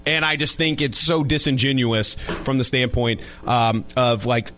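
A man's voice: mid-range voice, steady tone, measured pace, pushed and bright, faint music behind. Rambling male sports radio host. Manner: rambling, repeats and restarts phrases. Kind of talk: casual sports talk radio.

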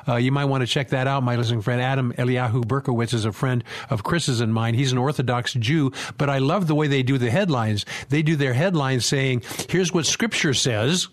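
A man's voice: medium pitch, fairly quick, few pauses. A man hosting a talk show conversation, speaking directly to the listeners. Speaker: host.

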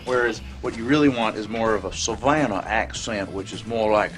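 A man plays a smug, know-it-all accent coach in a sitcom scene. His voice sits on the low side, and he lays out his advice slowly and condescendingly. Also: fairly bright tone, faint music behind, lightly acted. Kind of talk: sitcom dialogue.

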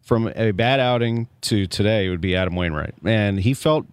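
Male radio host, enthusiastic, lowish voice, dry close mic. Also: normal speed, clear, resonant tone, no echo. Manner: enthusiastic, conversational. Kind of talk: sports radio pregame chat.

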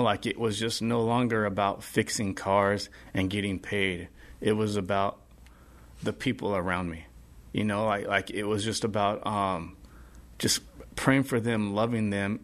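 A man as a podcast guest, sharing earnestly in a casual, rambling way full of fillers. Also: on the low side. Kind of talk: casual testimony chat.

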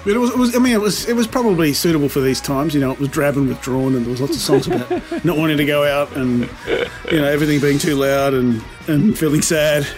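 A man with a British accent softened by New Zealand vowels, co-hosting a casual music podcast with sweary banter. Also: a little high, animated, fast talker. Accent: British with slight New Zealand vowels. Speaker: podcast co-host. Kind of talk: casual chat.

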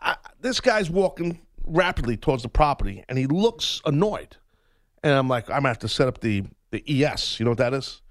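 Speaking briskly in a mid-range voice, a sports radio talk show host tells a long story and performs every character in it. He animatedly plays out both sides of a confrontation.

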